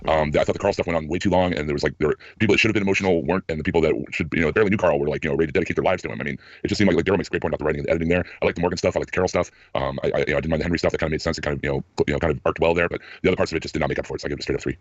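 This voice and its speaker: A man with a hoarse, scratchy throat, co-hosting a casual podcast and reading out listener ratings offhandedly. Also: rumbling low, fairly even intonation, no room sound. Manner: rapid, offhand reading with small laughs. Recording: muffled lo-fi recording.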